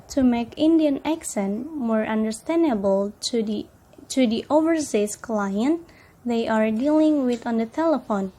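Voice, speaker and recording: A young woman student reading a class presentation slowly and carefully, pausing between phrases. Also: fairly high pitch, warm tone, rough recording.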